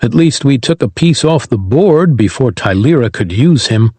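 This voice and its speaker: A steady, earnest starship captain in an audiobook, as a male narrator plays him close to his own voice. His delivery is reassuring, with lively pitch and a husky tone. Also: moderate pace, no echo. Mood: resolute.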